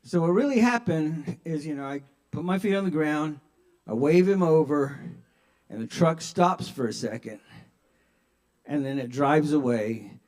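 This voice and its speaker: An older man doing a self-mocking stand-up set at an open mic, shifting between mumbled asides and loud punchlines. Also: on the high side, animated, measured pace. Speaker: stand-up comedian. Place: open mic at a kava bar.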